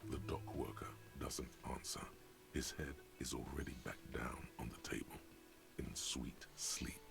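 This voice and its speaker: A man voicing a wry, ominous male game narrator in a slow, theatrical, gravelly delivery. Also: extremely low pitch, steady tone, exaggerated voice. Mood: hushed. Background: game music.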